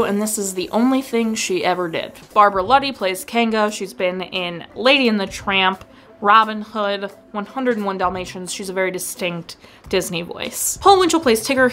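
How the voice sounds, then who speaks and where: A woman's voice: medium pitch, fairly bright tone, slight background noise. Chatty, enthusiastic woman vlogger. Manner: chatty, enthusiastic, rattles off lists of credits. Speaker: film review vlog host. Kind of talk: casual vlog commentary.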